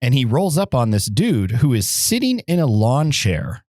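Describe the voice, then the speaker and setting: A man in casual podcast chat, rambling through a story with constant fillers. His voice sits at an ordinary middle pitch. The mic is close and the room is dead dry. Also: big pitch swings, normal speed, a little mellow, dry recording. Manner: rambling anecdote full of "like" and "um". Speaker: podcast co-host.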